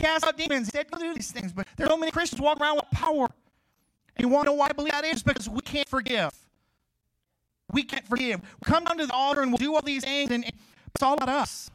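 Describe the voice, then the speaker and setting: A middle-aged man preaching a sermon as pastor, swinging from loud, stretched scripture reading to quiet, joking asides and personal stories. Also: high voice, dry recording, rough recording. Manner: storytelling with humor and laughs.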